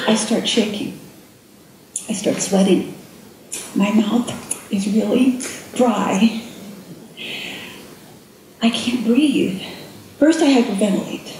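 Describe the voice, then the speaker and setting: A middle-aged woman giving a conference keynote, an animated storyteller who acts out her own inner voices. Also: a little high, slow pace, long pauses, noisy background. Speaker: keynote speaker. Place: conference room with an audience. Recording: echoey room with faint ambience.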